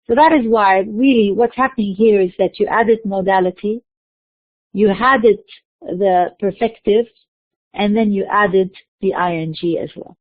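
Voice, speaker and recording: A woman giving a recorded university lecture, explaining slowly and mixing in terms. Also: mid-range voice, no room sound. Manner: explains slowly, spelling out letters, slipping into Arabic terms. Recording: dry tinny phone-like recording.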